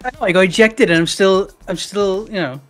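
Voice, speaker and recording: A man's voice: sits high, fairly quick, soft background music. A man playing a wrestling game with a friend, taunting in a mock-pompous manager voice and laughing often. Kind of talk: casual let's-play chat, mock villain taunts.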